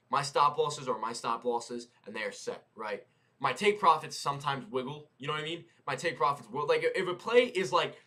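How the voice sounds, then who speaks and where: A young man on a live trading stream, teaching in a loose, slangy way, repeating himself and tossing in "right?" and "boom". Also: bright, forceful tone. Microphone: headset mic.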